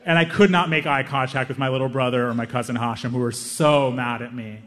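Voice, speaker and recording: A young man telling a long comic story on stage, self-mocking and animated, with quick asides. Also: medium pitch, long reverb tail. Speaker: stand-up comedian. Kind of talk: stand-up storytelling.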